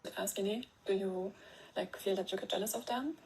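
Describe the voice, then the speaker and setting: A woman with a German accent, hesitantly asking a viewer question in a soft voice. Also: medium pitch, fairly quick, a little hiss or hum, rough recording.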